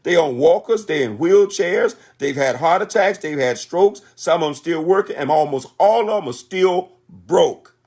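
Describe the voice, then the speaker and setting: A man's voice: fairly high pitch, lively intonation, normal speed, hardly any pauses, darkish tone, slightly rough. Emphatic preachy man in his sixties. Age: 60s. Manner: emphatic, repetitive, sermon-like. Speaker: motivational speaker on a conference call. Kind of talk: preachy motivational talk.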